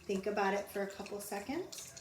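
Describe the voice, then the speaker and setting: A woman teaching a phonics lesson to young children, sounding out letters slowly and repeating each word. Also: medium pitch. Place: home. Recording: roomy echo, mic at a distance, faint background noise.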